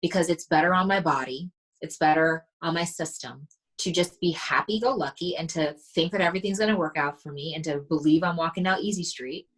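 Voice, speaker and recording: A mindset coach guesting on a casual podcast tells stories with animation, acting out the lines she quotes. Her voice sits low, slightly rough, and a little fast, and the recording itself is rough.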